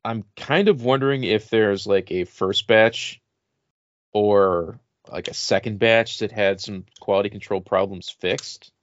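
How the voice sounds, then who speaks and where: A man with a fairly low voice talks casually as a podcast co-host, rambling along with lots of ums and uhs. The sound is dry and a little dull, like a lo-fi remote recording. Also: measured pace, dry recording. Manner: relaxed, rambling with many fillers. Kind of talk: casual chat about toy purchases.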